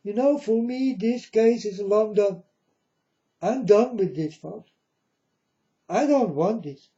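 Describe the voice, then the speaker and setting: Heard through a dull lo-fi recording, a man who styles himself a prophet speaks to viewers in a high-pitched yet dark voice. It's a slow, rambling religious monologue, preachy and repetitive, and he refers to everyone as folks.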